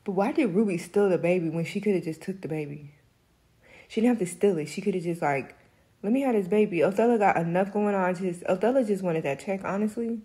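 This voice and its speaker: A woman's voice: on the low side, a little fast, warm tone. A young woman chatting casually about a book she finished, rambling through the plot with fillers and giving frank opinions. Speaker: book reviewer. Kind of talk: casual book review chat.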